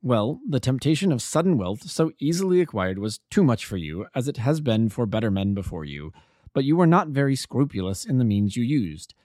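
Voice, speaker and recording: A man voicing a cool, stern male detective who speaks low and measured. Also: sing-song, a little mellow, no echo, studio quality, natural voice.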